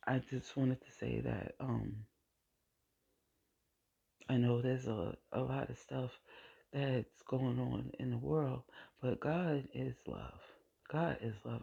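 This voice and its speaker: A woman shares a personal faith testimony, talking slowly and repeating phrases for emphasis, sometimes sinking to a whisper. Her voice is very husky and gravelly. The recording sounds dull and lo-fi. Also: a bass voice, steady tone, warm tone. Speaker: vlogger sharing her faith.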